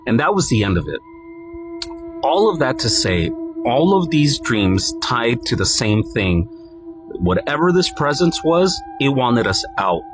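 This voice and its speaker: Male storyteller, mid-pitched, earnest and halting, music bed under. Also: low-quality recording. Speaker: storyteller recounting his own experience. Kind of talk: first-person horror storytime. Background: clear background music.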